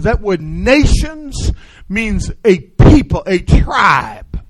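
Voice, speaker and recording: A man preaches with a very high, ringing voice, stretching his phrases slowly and leaning into each one. He swings from shouted declarations to hushed, confiding asides. The sound is dry and close, with no room echo. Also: sing-song. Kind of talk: sermon.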